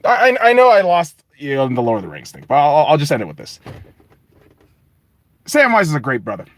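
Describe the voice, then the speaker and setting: Animated, swearing man ranting. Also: on the high side, brisk. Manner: animated, rambling, heavy swearing. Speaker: podcast host. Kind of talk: profane casual rant.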